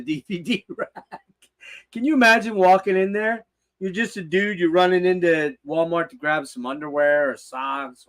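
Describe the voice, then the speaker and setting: An older man hosting a casual livestream, rambling and swearing with loose laughter. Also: on the high side. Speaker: host.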